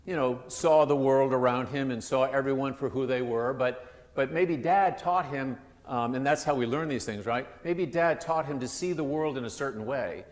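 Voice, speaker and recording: A man's voice: mid-range voice, moderate pace, few pauses. A male pastor giving a sermon in a conversational, loose way, often restarting his sentences. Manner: conversational, with frequent restarts and asides. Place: church sanctuary. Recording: long church reverb.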